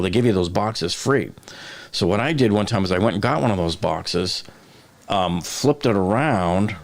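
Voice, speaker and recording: A man's voice: low voice, gravelly. A man from the Boston area hosting a live stream, chatting casually, joking and reading viewer comments aloud.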